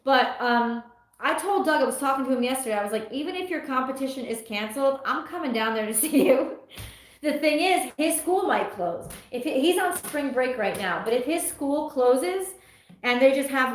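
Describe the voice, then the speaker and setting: A woman's voice: high-pitched, animated, normal speed. A middle-aged woman hosting a tarot livestream, chatting casually and reading viewer comments aloud with frequent laughs. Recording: echoey room.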